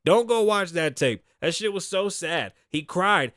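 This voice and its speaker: A man's voice: sits high, animated, unhurried, hardly any pauses, fairly bright tone, no echo, studio quality. A man from Boston hosting a casual solo commentary show, reading news aloud and riffing on it bluntly with lots of profanity. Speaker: show host.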